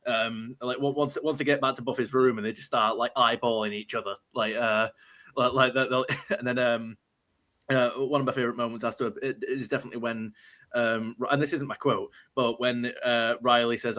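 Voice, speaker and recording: A man's voice: mid-range voice, fairly even intonation, moderate pace, pushed and bright. A man chatting casually as a podcast panelist, hesitant, with many ums and restarts. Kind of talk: casual chat.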